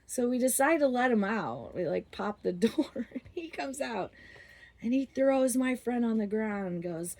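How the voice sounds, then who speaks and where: A woman's voice: a little high, animated, measured pace, a little mellow. A woman casually telling a story from her youth, rambling with lots of fillers and frequent laughter.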